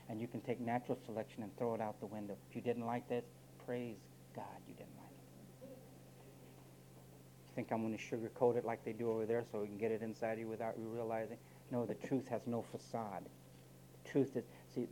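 Pastor, male, mid-pitched and warm-toned; emphatic sermon delivery, direct questions to the flock. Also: a little hiss or hum, poor audio. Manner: emphatic preaching, swinging from loud high bursts to low quiet asides; direct, blunt, asks the congregation questions.

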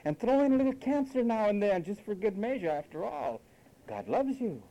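A male preacher delivering a sermon with a lively, swooping delivery and a higher-than-usual voice. His tone is mellow and dark, and he scolds and mocks while acting out what others say. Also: normal speed, highs cut off, a little hiss or hum.

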